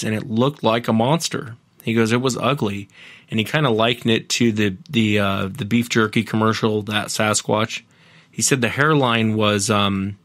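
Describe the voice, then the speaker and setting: A man's voice: fairly low pitch, a bit bright, dry recording. A man, a podcast host appearing as a guest, earnestly retelling other people's encounters at length in a casual interview.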